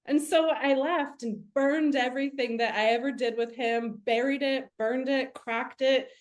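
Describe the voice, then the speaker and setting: Woman on a video call, kinda high voice, animated storyteller, lots of "like". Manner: lively, animated storytelling with many "like" fillers. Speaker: guest, medium and spiritual teacher. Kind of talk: casual storytelling.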